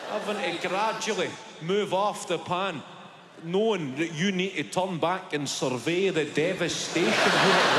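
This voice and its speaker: A Scottish man performs stand-up, animated and full of put-on voices. Steady background noise sits under him. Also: high voice, a little slow, reverberant. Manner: animated, switches into mock voices. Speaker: stand-up comedian. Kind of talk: stand-up routine.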